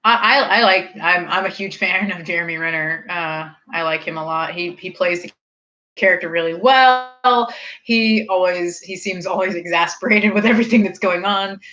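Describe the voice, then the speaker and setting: A woman in her thirties, slightly tipsy, chatting casually with her viewers and rambling off into animated tangents. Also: fairly low pitch, moderate pace, highs cut off. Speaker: streamer hosting a snack review.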